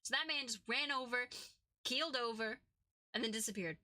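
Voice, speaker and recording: A woman's voice: on the high side, normal speed, bright, forceful tone. A woman reading an earnest young defense lawyer. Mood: pressing. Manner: methodical, pressing.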